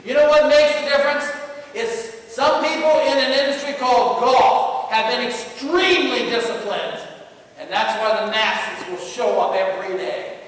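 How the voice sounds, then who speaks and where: High-voiced man rousing a crowd. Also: moderate pace. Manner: energetic call-and-response with the crowd; teasing, punchy exhortation. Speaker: motivational speaker. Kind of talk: motivational speech to staff. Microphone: distant from the recording mic. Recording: distant, echoey hall with faint ambience.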